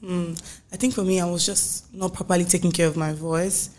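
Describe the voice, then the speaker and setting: A young woman with a Nigerian accent, a singer chatting as a podcast guest, animated and full of filler words. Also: on the low side, a little fast. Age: young adult. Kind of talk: casual interview chat.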